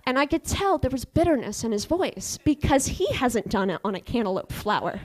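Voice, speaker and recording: A young woman performing a stand-up comedy set, telling stories haltingly with many fillers and deadpan punchlines. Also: a little high.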